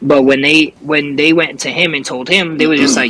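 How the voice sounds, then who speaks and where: A man's voice: fairly high pitch, steady tone, moderate pace, fairly bright tone, low-quality recording. A young man, a rapper telling a story as an interview guest in casual chat, cursing often and restarting his sentences. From New York.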